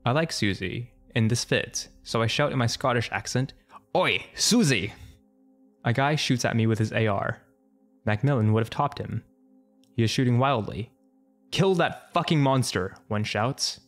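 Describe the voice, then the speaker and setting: A man narrating an internet story for comic effect in a brisk, wry, matter-of-fact way. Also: medium pitch, soft background music.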